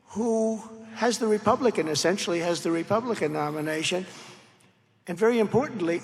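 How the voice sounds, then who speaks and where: A man's voice: high-pitched, gravelly, fairly bright tone. Rambling boastful male speaker in a hall. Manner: rambling, boastful storytelling with asides. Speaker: keynote speaker. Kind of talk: political rally speech. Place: large convention hall. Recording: reverberant convention hall, faint crowd ambience.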